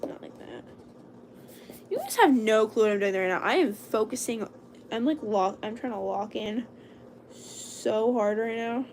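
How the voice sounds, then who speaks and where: A young woman chats casually to her stream while she draws, narrating every stroke and now and then dropping to a hushed whisper. Her voice has a gravelly edge and swings up and down in pitch. The home recording carries a steady layer of noise. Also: measured pace. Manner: chatty, talks herself through each step, drops to a hushed whisper at times. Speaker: livestreamer. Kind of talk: casual livestream chat while drawing.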